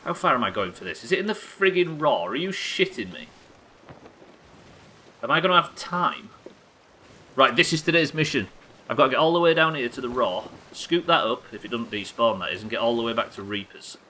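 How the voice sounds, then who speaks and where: A man's voice: medium pitch, lively intonation, a little fast, sharp tone, a little hiss or hum, poor audio. A young man streaming a game live, teasing his chat with sarcastic, sweary banter. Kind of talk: live gameplay commentary and chat reading.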